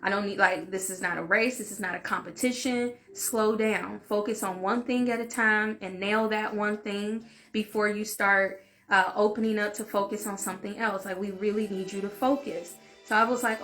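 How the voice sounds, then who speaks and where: A woman with a bright, clear voice at a mid pitch tells a story straight to camera. She talks casually and animatedly, leaning on "like" and swearing freely. Faint music plays underneath. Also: moderate pace. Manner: animated, frank, peppered with "like" and swearing. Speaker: vlogger and healing channel host. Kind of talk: casual story-time monologue.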